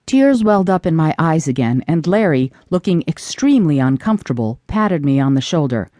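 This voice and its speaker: A woman narrating a first-person audiobook in an expressive, animated reading. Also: deep voice, fairly quick, no echo.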